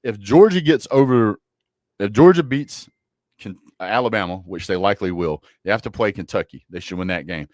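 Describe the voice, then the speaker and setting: This is a lower-voiced man, talking casually on a football livestream. He jokes and trash-talks bluntly, and his voice sits close and dry on the mic with no room around it. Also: lively intonation, moderate pace, a little mellow, no echo. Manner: joking, blunt trash talk with a Southern drawl of words. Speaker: sports livestream host.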